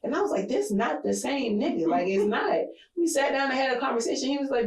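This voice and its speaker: A woman's voice: high-pitched, fast talker. Profane storytelling woman in an echoey room. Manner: blunt, profane storytelling, animated when quoting people. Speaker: podcast co-host. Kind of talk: casual chat.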